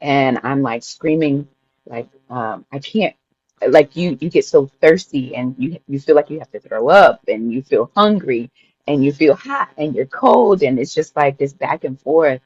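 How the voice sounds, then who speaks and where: A woman's voice: very deep voice, lively intonation, a little slow, darkish tone, dry recording, highs cut off. Woman telling a vivid personal story. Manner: vivid, emotional retelling that often laughs and acts out her own past words. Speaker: podcast guest. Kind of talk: personal storytelling in a casual interview.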